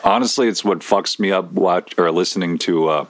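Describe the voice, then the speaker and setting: Blunt, low-voiced podcast man. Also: normal speed. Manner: blunt, dismissive opinions. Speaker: podcast co-host. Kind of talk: casual chat.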